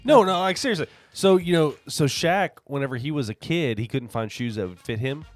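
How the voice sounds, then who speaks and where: Podcast guy who rambles, lots of "like", quiet music under. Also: a little high, animated, a little fast, dry recording. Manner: rambling, says "like" a lot. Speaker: podcast co-host, paramedic. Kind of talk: casual chat.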